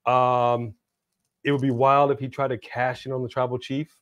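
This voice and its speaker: Animated guy cohosting a stream, chatty, goes big announcer-style sometimes, dry sound. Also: mid-range voice, moderate pace, dry recording. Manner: animated, bursts into hype-announcer delivery. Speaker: co-host of a wrestling prediction stream. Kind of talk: casual live-stream chat.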